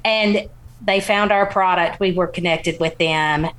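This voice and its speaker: Upbeat woman founder, slightly low voice, casual guest talk. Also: fairly even intonation, unhurried, a bit bright. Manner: upbeat and eager, laughs easily. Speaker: guest, small-business founder.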